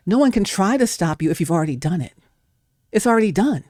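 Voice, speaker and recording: Emphatic woman with a mellow voice. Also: medium pitch, lively intonation, brisk, no echo, clean studio sound. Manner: emphatic, preacher-like, acts out doubting inner voices. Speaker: guest speaker. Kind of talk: motivational faith talk.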